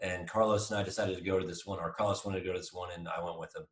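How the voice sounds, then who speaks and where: Man, 30s, podcast co-host; low voice, rambling storytelling, sounds off-mic in a roomy space. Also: rapid-fire, recorded from a distance. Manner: rambling, animated storytelling with restarts. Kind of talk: casual storytelling chat. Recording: echoey room, voice off-mic.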